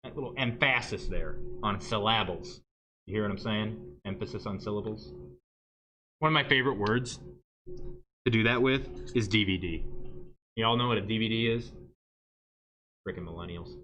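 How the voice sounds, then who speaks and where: A man's voice: on the low side, moderate pace, pauses often, pushed and bright, slight background noise. A male math teacher giving a livestreamed lesson in a joking way, often checking in with "right?". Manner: joking, asks "right?" constantly.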